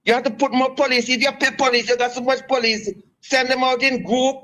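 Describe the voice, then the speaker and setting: Male radio caller over phone, high-pitched, halting and rambling. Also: level tone, fairly bright tone, rough recording. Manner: rambling, halting, many restarts. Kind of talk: call-in radio talk.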